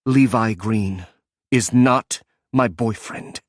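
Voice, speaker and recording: A man voicing a tough, sharp-tongued female ex-spy with a clipped, biting delivery. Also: medium pitch, lively intonation, normal speed, dry recording, studio quality, voice pushed up, close to an everyday voice. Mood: defiant.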